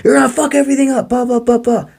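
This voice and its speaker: A shrill, panicky inner voice that nags and frets, pitched far up and hurried, put on by a man mid-reading. It sounds high and strained, a squeaking worrier in the back of the mind. Its tone stays mellow under the strain. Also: flat delivery, gravelly, exaggerated voice.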